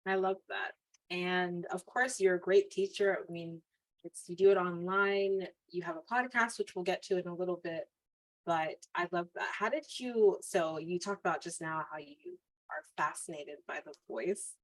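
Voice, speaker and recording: A woman hosting an interview, asking encouraging, warm questions. Her voice sits a little low. The sound is dry and close, with no room echo. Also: normal speed. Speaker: podcast host. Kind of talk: conversational interview.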